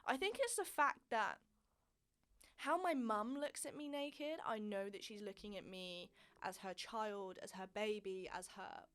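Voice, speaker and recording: A woman's voice: mid-range voice, a little slow, a bit bright, clear, resonant tone. A young woman in her twenties, telling a frank personal story in a candid, chatty way with plenty of swearing and emphasis. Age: 20s. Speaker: vlog host.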